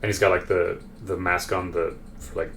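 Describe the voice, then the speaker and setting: A man's voice: sits low, little pitch movement, normal speed, a bit bright. A man running a tabletop game as game master, narrating in a rambling way with many fillers.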